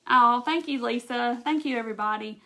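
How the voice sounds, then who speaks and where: This craft livestream host talks a little fast, her high-leaning, fairly bright voice carrying vocal fry. A Southern-accented woman from Mississippi, she chats casually through her live demo, reading viewers' comments aloud and saying "y'all."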